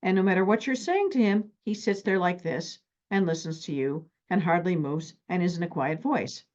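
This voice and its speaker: A middle-aged woman therapist teaching relationship skills and acting out stories from her life in an animated, extroverted way. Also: lowish voice, moderate pace, muffled recording. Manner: animated, extroverted, acts out anecdotes.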